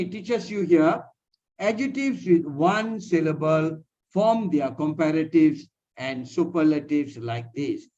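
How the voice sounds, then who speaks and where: A man's voice: on the high side, a little mellow. A man tutoring over a video call, patiently explaining grammar and often checking with "huh?" and "you see". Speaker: English tutor. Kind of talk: one-on-one online lesson. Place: personal meeting room, indoors. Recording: dull lo-fi video call audio.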